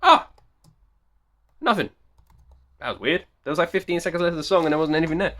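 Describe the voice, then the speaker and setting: A man's voice: high-pitched, big pitch swings, a little fast, pauses often, bright, forceful tone. A man commenting on a song in a reaction video, emphatic and repeating his rhetorical questions. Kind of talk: excited music reaction commentary.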